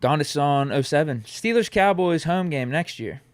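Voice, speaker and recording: A man's voice: fairly high pitch, animated, moderate pace, no room sound. A man co-hosting a casual sports podcast, laid-back with dry teasing. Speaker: podcast co-host.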